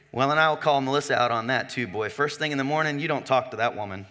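Bright-voiced, joking preacher man. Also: mid-range voice, fast. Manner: conversational, joking, asks the congregation questions. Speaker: pastor. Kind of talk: sermon.

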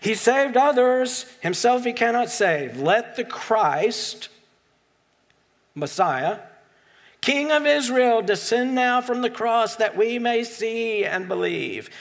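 Man putting on a scornful priest, sneering, high-pitched, slow drawn-out taunts. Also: animated, vocal fry, heavily acted. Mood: mocking.

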